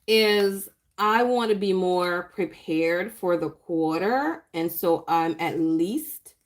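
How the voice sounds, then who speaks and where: A chatty woman talks through her planner setup on a live stream and greets viewers by name as she works. She drawls some words and her voice swoops up high when she gets excited. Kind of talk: casual live-stream chat while crafting.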